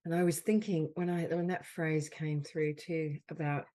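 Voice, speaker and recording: Woman slowly guiding a healing call. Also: sits low, fairly even intonation. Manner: gentle, slow repeated affirmations. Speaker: host of a group healing call. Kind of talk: guided group session.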